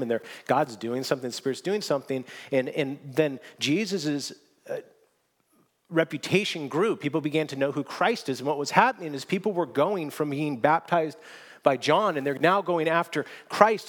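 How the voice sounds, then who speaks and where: A man preaching a sermon, telling stories with lively swings from near whispers to loud exclamations, often restarting his words. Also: medium pitch. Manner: animated storytelling, swinging from hushed to shouting; frequent restarts and repeated words. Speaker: pastor.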